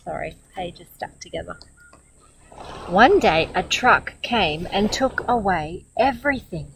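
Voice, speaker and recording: Slow, gentle Australian woman reading outdoors. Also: mid-range voice. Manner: gentle, expressive, comments warmly between pages. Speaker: storyteller. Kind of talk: reading a picture book aloud. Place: outdoors by a beach. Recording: outdoor ambient noise with insects.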